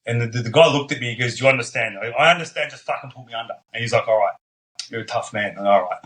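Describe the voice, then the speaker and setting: A man's voice: medium pitch, quick pace, fairly bright tone, low-quality recording. A young man telling his story as a podcast guest in a casual, blunt way, swearing freely and dropping plenty of ums and likes.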